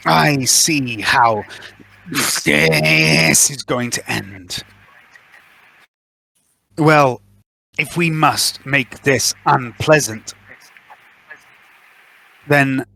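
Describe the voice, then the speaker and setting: A man voicing a scheming male heretic who speaks over a comm link, measured and menacing. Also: mid-range voice, creaky, pushed and bright, husky, voice pushed down, full character voice. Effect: comm bead radio.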